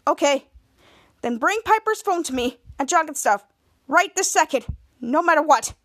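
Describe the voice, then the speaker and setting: A woman's voice: high-pitched, expressive, moderate pace, a bit bright, no room sound, studio quality. A woman voicing a desperate teenage boy begging a friend for help. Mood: pleading. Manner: urgent, pleading.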